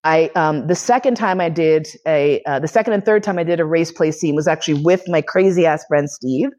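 Speaking fairly quickly in a low, darkish voice, this woman from New York City tells a story while hosting a podcast lecture. She laughs a lot and her talk is casual and full of profanity.

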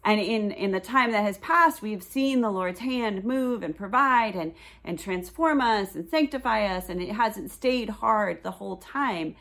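A woman's voice: medium pitch, lively intonation, measured pace, hardly any pauses, fairly bright tone. A woman in her forties teaching a casual Bible study, chatting and reading scripture aloud.

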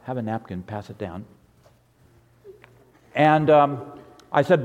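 A middle-aged man who is a pastor, leading a children's sermon and prayer in a gentle, conversational way. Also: a little high, very animated, takes it slowly, pauses often. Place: church sanctuary. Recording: long reverb of a church hall.

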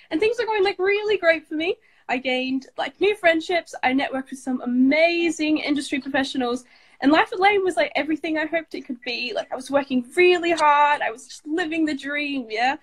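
Young woman, high chatty voice. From Australia. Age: late teens. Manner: chatty, frequent "like" fillers, upbeat. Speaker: drama student storyteller. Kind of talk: personal storytelling.

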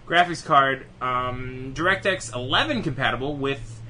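A young man co-hosting a gaming podcast, rattling off specs in a quick, profane, joking casual chat. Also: mid-range voice, bright, forceful tone, a little hiss or hum. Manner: rapid, profane, laughing reading of spec lists. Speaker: podcast co-host.

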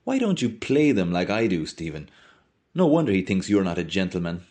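A man voicing a boisterous, mocking young Irishman who talks loudly and theatrically. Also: low voice, huge pitch swings, a little fast. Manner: loud, theatrical, teasing.

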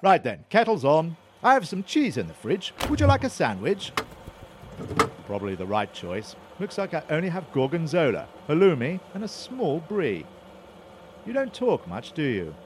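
A man's voice: a little high, wildly swooping pitch, normal speed, over music. A man playing a prim, put-upon man who mutters to himself and turns sarcastic, in a comedy audio drama. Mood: fussy.

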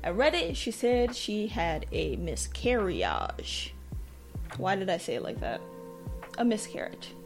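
A woman's voice: mid-range voice, sing-song, measured pace, creaky, soft background music. A young adult woman hosting a podcast, telling a personal story in a candid, self-deprecating way, acting out quoted thoughts. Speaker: podcast host.

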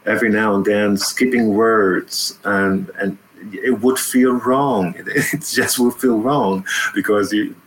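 A man's voice: fairly low pitch, slow pace, poor audio. Male guest, easygoing and laughing, slight hiss behind. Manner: lively, laughing, repeats words. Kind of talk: casual interview talk.

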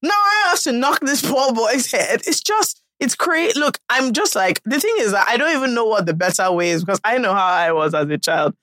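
A woman's voice: on the high side, animated, a little fast, hardly any pauses, a bit bright, no echo, clean studio sound. A young woman co-hosting a podcast, chatting expressively and often in disbelief. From Nigeria. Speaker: podcast co-host. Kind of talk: casual chat.

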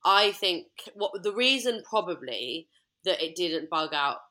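A woman's voice: fairly low pitch, lively intonation, unhurried, pushed and bright. A young British woman with a fairly posh accent, co-hosting a podcast in casual, blunt chat. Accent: British English, fairly posh. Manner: chatty, blunt, swears freely. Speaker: podcast co-host.

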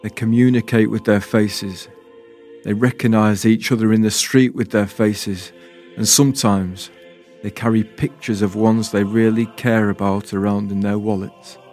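A man voicing a small, gentle, wise male mouse who speaks softly and quietly. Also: fairly low pitch, steady tone, a little slow, faint music behind, natural voice. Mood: gentle awe.

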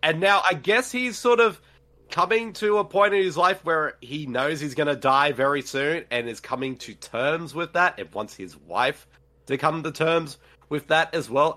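A man's voice: fairly high pitch, moderate pace. A man casually commenting on a movie with friends, often giggling. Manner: giggly, animated, bursts of laughter. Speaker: podcast co-host.

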